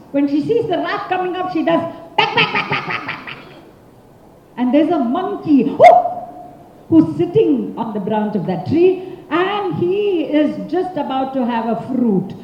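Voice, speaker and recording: Animated storyteller woman with an Indian accent. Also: high-pitched, a little hiss or hum. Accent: Indian English. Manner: animated and expressive, prompts the audience for answers. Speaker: professional storyteller, speaker. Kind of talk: interactive oral storytelling talk. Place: large conference hall. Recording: echoey hall from far off, dull sound.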